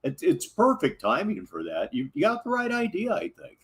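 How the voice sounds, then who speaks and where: A man's voice: high voice, wildly swooping pitch, normal speed. A male show host giving sarcastic asides and reading viewer comments on a livestream.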